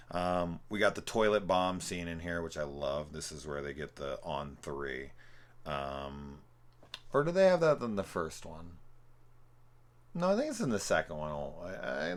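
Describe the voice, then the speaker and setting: A man giving casual film commentary, profane, sarcastic and rambling. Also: deep voice. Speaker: film reviewer.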